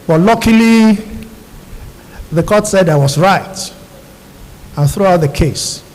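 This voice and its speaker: High-voiced Nigerian man speaking in a hall. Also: lively intonation, slow, darkish tone. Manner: earnest, storytelling, addresses audience directly. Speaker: guest speaker, radiologist. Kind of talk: speech to new doctors. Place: large university auditorium. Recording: long hall reverb.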